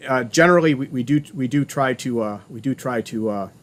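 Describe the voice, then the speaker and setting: A man's voice: mid-range voice, brisk, fairly bright tone. A man giving a remote college lecture over a video call, chatty, often restarting his sentences and telling corny jokes.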